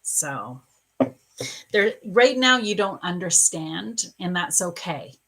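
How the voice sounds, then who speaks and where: A woman's voice: on the low side, very animated, takes it slowly, a bit bright, husky. A middle-aged woman psychic reading for viewers on a live stream, soothing and calling them dear and love. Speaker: psychic reader.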